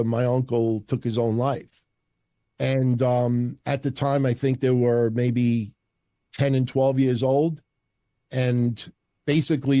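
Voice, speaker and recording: A man's voice: medium pitch, dry recording. A middle-aged man, telling stories bluntly and profanely in a casual interview. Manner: blunt, profane, animated storyteller. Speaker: wrestling podcast host as guest.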